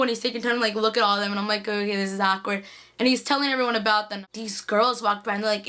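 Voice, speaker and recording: Fast-talking excitable young-sounding woman. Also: medium pitch. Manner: excitable, gushing, many "like"s. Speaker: vlogger. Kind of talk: casual storytelling to camera.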